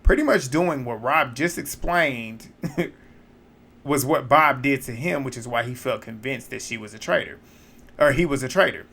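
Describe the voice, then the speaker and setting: A man recapping a reality show in casual commentary, blunt, opinionated and quick to swear. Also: medium pitch, creaky, sharp tone, slightly rough.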